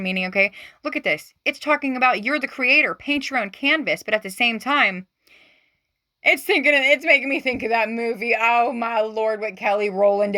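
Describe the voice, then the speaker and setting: Reading tarot for her viewers at a medium pitch with no echo, the woman sounds gushing and exclamatory. She alternates between thrilled outbursts and quiet asides.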